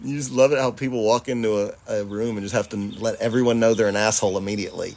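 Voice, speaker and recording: A Charlotte, North Carolina livestream host reads viewer comments aloud in a lowish, darkish voice, talking quickly with few pauses and fairly even intonation. Laid-back and profane, he laughs often and calls everyone y'all.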